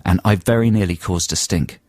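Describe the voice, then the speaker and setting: A man's voice: deep voice, a little fast, darkish tone, no echo, clean studio sound. A man co-hosting a radio show, telling a long, rambling story in casual banter. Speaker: radio co-host. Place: radio studio. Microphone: studio microphone.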